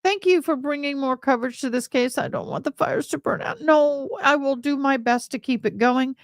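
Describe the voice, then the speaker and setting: A chatty Texan woman runs a casual livestream, her voice sitting a little high. She sounds bubbly and friendly, saying y'all a lot. The recording is dry and close. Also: normal speed, no room sound. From Tennessee, USA. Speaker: livestream host.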